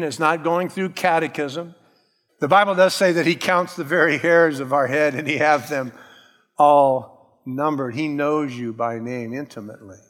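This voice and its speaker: Male pastor, fairly high voice, preaching emphatically in a church with a long echo. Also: a bit bright. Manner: emphatic preaching, calls out "Amen?", acts out quoted voices. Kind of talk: sermon.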